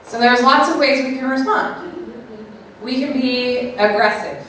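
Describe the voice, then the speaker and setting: A woman giving a live talk to an audience, animated, acting out little quoted voices and often checking in with the crowd. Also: high voice, a little slow. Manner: animated, acts out quoted voices, keeps asking "right?". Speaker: speaker at an event. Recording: very echoey room, mic far off, faint noise.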